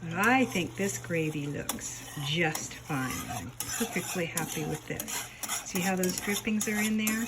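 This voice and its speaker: A woman's voice: lowish voice, measured pace, heavy background noise. A woman hosting a home cooking show, giving homey step-by-step instructions in her kitchen.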